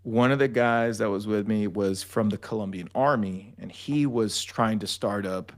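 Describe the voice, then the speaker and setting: A man's voice: lowish voice, normal speed. A young man telling army stories in a casual podcast chat, swearing freely and acting out the people he quotes. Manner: profane, animated storyteller acting out quotes. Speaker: podcast guest, army veteran.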